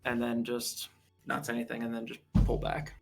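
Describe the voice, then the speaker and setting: A man's voice: medium pitch, monotone, moderate pace, vocal fry, faint music behind. A man playing a tabletop game, describing his character's actions in a hesitant way full of fillers. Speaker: player.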